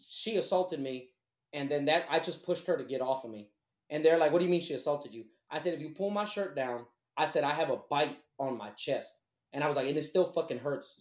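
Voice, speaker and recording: A man's voice: a little high, fairly quick. A man telling a long personal story in a blunt, profane, rambling way. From Houston, Texas. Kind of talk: casual storytelling. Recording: echoey room.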